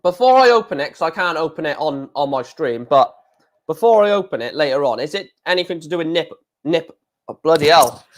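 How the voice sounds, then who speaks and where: A man's voice: on the high side, expressive, a little fast. A man, casually chatting on a live darts stream, reading out viewer comments in a blunt, frequently swearing way.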